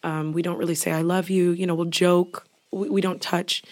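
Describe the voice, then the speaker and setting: A young woman co-hosting a podcast shares a personal story in casual conversation, often dropping to a near whisper. Her voice sits on the low side with a darkish tone, little pitch movement, and a normal pace.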